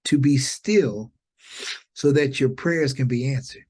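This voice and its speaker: A man in his fifties, a podcast guest, telling an inspirational story in an animated, preacher-like way, often jumping up in pitch for exclamations. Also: takes it slowly, husky.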